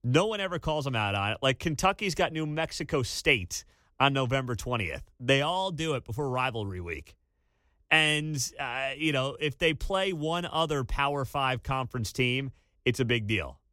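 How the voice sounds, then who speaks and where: A man hosting a college sports talk radio show, ranting with incredulous energy and bursts of shouting. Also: mid-range voice, moderate pace, no room sound, clean studio sound. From Kansas City area. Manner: animated, incredulous rants with sudden shouting.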